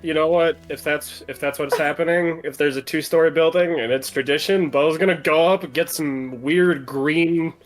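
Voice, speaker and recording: A man's voice: fairly high pitch, fairly even intonation, moderate pace, hardly any pauses, soft background music, rough recording. A man playing in a tabletop game, bantering in a joking, profane way. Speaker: player.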